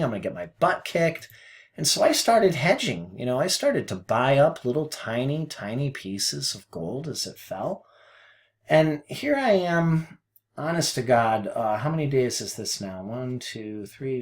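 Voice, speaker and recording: A man talking casually as a forex trading mentor, rambling and self-deprecating, swinging between low mutters and loud outbursts, with folksy phrases and mild cursing. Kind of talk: casual screen-share trading commentary.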